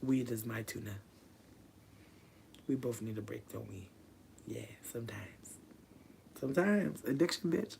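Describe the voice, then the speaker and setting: A livestreamer chatting casually from a room at home, rambling and swearing, swinging between quiet mutters and loud bursts. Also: mid-range voice, creaky, a little hiss or hum.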